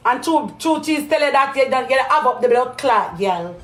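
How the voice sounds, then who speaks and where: A high-pitched Jamaican woman on a live stream, hammering the same accusations over and over and breaking into loud shouts. Her voice rings around an echoey room. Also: moderate pace, few pauses. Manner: accusing, repetitive, loud outbursts. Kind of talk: heated live-stream rant.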